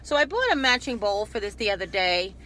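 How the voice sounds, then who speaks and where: A woman's voice: medium pitch, big pitch swings, a little fast, sharp tone, a little hiss or hum. A woman talking casually in a rambling, chatty haul video, often breaking off and restarting her sentences. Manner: chatty, digressive, self-interrupting. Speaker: YouTube haul vlogger.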